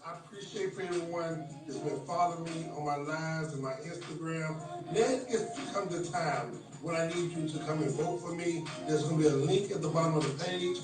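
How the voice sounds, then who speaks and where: A man's voice: a little high, moderate pace, hardly any pauses. A man recording an upbeat promotional message that closes with blessings for his listeners. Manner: upbeat, blessing-filled sign-off. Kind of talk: promotional announcement. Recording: roomy playback from a distance with music.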